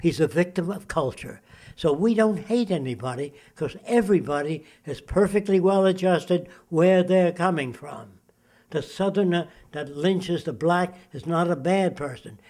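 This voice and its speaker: A man's voice: sits high, unhurried, a little mellow. An older man in an interview, lecturing emphatically and asking rhetorical questions. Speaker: interviewee, futurist. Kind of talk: interview monologue.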